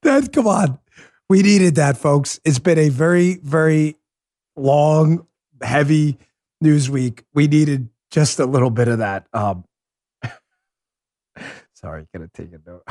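Excitable talk show guy, a bit high pitched, jokes around, super dry close mic. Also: takes it slowly, long pauses, no room sound. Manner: excitable, acts out quotes in a loud high voice. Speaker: podcast host. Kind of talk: animated political talk show.

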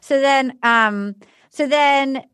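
A woman podcast host recapping a reality show in casual chat, animated and laughing as she acts out quotes. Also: high-pitched, extremely slow, dry recording, clean studio sound.

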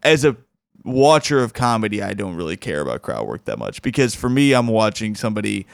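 Man, podcast host, casual rambling commentary, smooth voice, dry studio. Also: lowish voice, very animated, a little fast, no room sound. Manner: rambling, restarts, enthusiastic.

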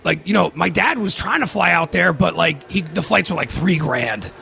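A man's voice: fairly high pitch, animated, moderate pace, gravelly, sharp tone. A man telling a long personal story in casual podcast talk, rambling and swearing, with many fillers.

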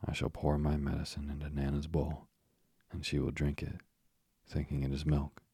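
A man's voice: rumbling low, monotone, moderate pace, warm tone, husky, no echo, clean studio sound, full character voice. A man voicing a proud, pompous father who blusters and sulks like a child. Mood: blustering. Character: pompous proud father, sulking over medicine.

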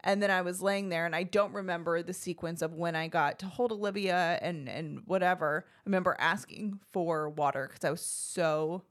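A woman with a fairly low voice talks at a normal speed, barely pausing, as she co-hosts a podcast. Chatty and animated, she tells her personal birth story and acts out the voices of what others said.

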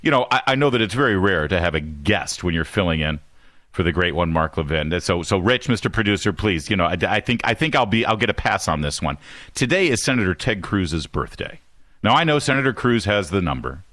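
A man hosting a talk radio show, excitable and self-deprecating, with rambling asides, on a studio microphone. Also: deep voice, brisk, no echo.

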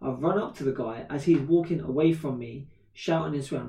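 A man in his thirties, a podcast co-host, telling a story in casual chat, animated and swearing freely. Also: mid-range voice, fairly quick, vocal fry. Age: 30s. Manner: animated, swears freely, acts out quoted voices. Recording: roomy echo, distant from mic.

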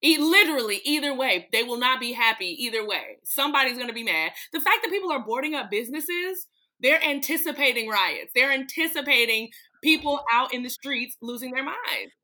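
Young woman guest on a chat podcast, bright clear voice, kinda high, gets really animated. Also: brisk. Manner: animated, emphatic storytelling. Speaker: podcast guest, advocacy organizer. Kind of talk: casual conversation.

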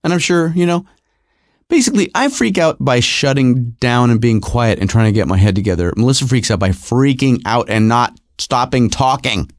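A middle-aged man telling a personal story in an animated, repetitive, self-mocking way. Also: medium pitch, moderate pace, no room sound, studio quality.

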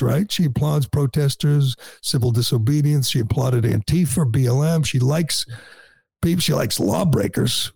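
A man's voice: medium pitch, gravelly, a little mellow, husky, no echo. A man hosting a talk radio show, delivering sarcastic, mocking opinion commentary.

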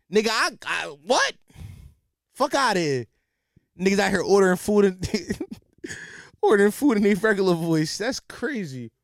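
A young man doing a comedic rant, animated and profane, full of slang and repeated restarts. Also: sits high, no room sound, clean studio sound.

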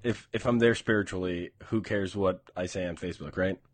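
A man's voice: low voice, fairly even intonation, a little fast, dry recording. A man co-hosting a casual podcast, joking and teasing his friend in loose banter. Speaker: podcast co-host. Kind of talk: casual chat.

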